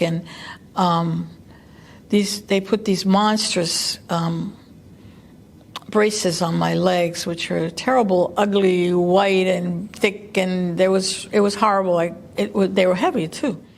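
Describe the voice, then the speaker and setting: Cuban-born woman telling her story, gravelly voice, chatty and lively, lots of ums. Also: fairly low pitch. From Cuba. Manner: lively, conversational, quick bursts with fillers. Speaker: co-director of a family arts program. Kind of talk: personal storytelling to camera.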